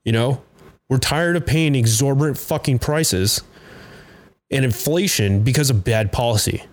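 A man with a mid-pitched voice, ranting on his own podcast. He talks loosely, swears a lot and breaks off into fillers and restarts. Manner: loose, profane and halting, with many fillers and restarts. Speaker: podcast host. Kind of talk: profane political rant.

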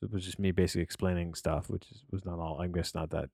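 A man's voice: low-pitched, little pitch movement, fast talker, gravelly, darkish tone, husky, no echo, studio quality. A man hosting a podcast, rambling through a casual film review with many restarts and fillers. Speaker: podcast host reviewing films.

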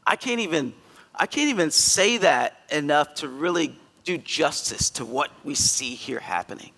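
A male pastor giving a conversational sermon in a church, earnest and emphatic, with sudden loud bursts. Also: a little high, expressive, moderate pace, big-room sound. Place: church sanctuary.

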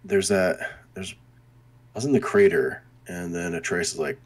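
Man, very deep husky voice, laid-back rambling podcast talk. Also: a little slow. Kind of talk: casual chat.

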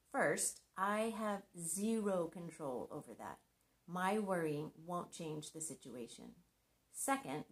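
In a scripted devotional talk on marriage, a middle-aged woman speaks earnestly and conversationally with a fairly low voice. Gentle humor runs through her delivery.

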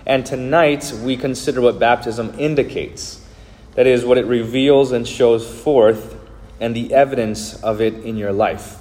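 A man's voice: mid-range voice, fairly even intonation, unhurried, a little mellow, in a large hall. A man preaching a sermon as pastor, earnest and explanatory, with frequent filler words.

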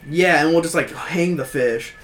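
A man's voice: on the high side, normal speed, a crowd in the background. A man co-hosting a casual podcast, talking loosely with lots of filler words and swearing. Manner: animated, profane, many fillers. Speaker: podcast co-host.

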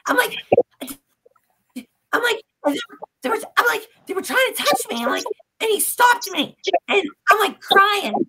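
A woman guest on a podcast, casually retelling a story in an animated, profane way. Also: extremely high pitch, a little slow, pauses often, poor audio.

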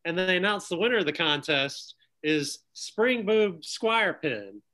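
A man's voice: high-pitched, lively intonation, a little slow, bright, forceful tone, a little hiss or hum. A man casually recapping a cartoon episode with friends, laughing often as he talks. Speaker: podcast co-host. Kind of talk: casual chat.

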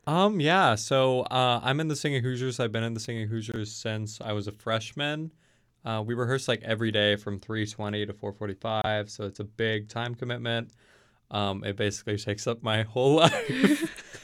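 A young man from Kentucky chats as a guest on a student interview show. His voice is smooth and clear at a mid pitch. He tells stories loosely, full of likes and ums. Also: lively intonation, moderate pace, fairly bright tone. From Kentucky, USA. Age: young adult. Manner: chatty, storytelling, many fillers. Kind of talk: casual interview chat.

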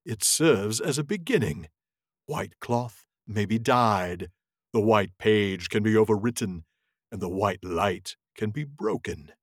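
A man voicing a scornful, proud old male wizard in a slow, grave, sneering reading. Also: fairly low pitch, expressive, breathy edge, dry recording, clean studio sound, heavily acted. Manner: slow, grave, scoffing delivery. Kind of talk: reading a novel aloud in character voices.

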